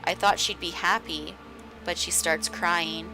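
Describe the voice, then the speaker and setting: A woman streamer reading a visual novel aloud in a slow, hushed way. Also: on the low side, fairly even intonation, vocal fry, over music. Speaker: game streamer.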